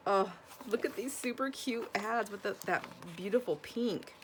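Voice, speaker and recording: A woman's voice: medium pitch, measured pace, noisy background. A woman from Washington State chatting casually to camera about her thrift finds, exclaiming and gasping as she goes, and often restarting her sentences. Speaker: vlogger showing thrift finds.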